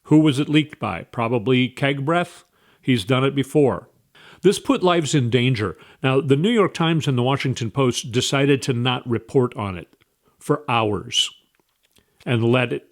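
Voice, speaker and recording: A man giving a casual political opinion monologue, scornful and opinionated, with wandering asides. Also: medium pitch. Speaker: political commentator.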